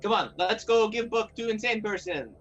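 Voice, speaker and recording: A man playing a tabletop game, talking in an excitable, argumentative, jumpy way. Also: high voice, moderate pace, dull audio, soft background music. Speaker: player. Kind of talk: casual tabletop role-play chat.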